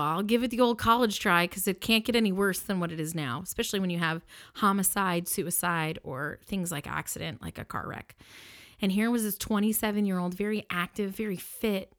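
A woman's voice: medium pitch, no room sound, studio quality. A woman who works as an embalmer, earnestly recounting a personal experience in a reflective way with fillers and restarts. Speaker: embalmer and show host. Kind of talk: personal storytelling to camera.

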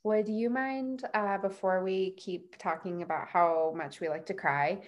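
A woman's voice: mid-range voice, unhurried, highs cut off. A woman hosting a podcast in a casual, chatty way, full of fillers and self-deprecating laughs. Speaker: podcast host.

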